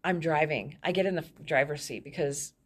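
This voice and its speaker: A woman with a low voice tells her own story as a guest, frank and unguarded. She slips small laughs into her sentences even while describing hard times. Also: normal speed. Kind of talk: candid personal storytelling.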